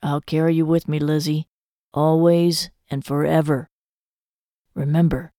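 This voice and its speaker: A woman reading an audiobook voices a young soldier, speaking softly and slowly to reassure. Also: low-pitched, level tone, no echo, studio quality. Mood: tender. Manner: soft, slow, reassuring. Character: gentle young soldier, calm and tender. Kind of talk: audiobook character voice.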